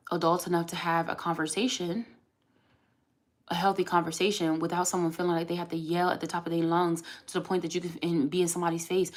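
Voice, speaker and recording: Frank, lowish-voiced woman venting to live chat. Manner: frank, animated, addresses viewers as y'all; voice climbs high when answering chat comments. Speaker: livestream vlogger reading chat.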